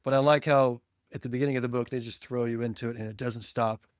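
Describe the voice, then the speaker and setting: A man talks as a guest on a podcast in a bright, chatty way. He moves through his stories at a brisk clip. The recording is dry and close. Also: mid-range voice, fairly even intonation, no room sound. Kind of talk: casual chat.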